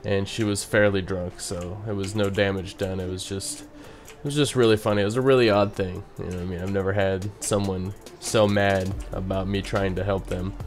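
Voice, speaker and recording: A man's voice: deep voice, little pitch movement, normal speed, few pauses, faint music behind. A young man, a bartender, casually telling a story and rambling with frequent "you know what I mean" asides.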